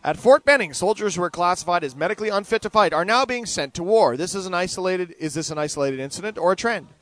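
Animated high-voiced man ranting. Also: fast talker, no room sound. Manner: animated and sardonic, shifting between shouts and mutters. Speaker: podcast host. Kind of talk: casual news commentary.

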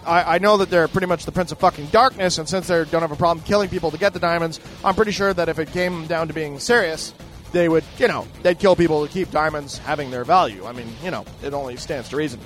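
A man hosting a podcast in a casual, profane rant, animated and mock-boastful, swearing freely. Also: a little high. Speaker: podcast host.

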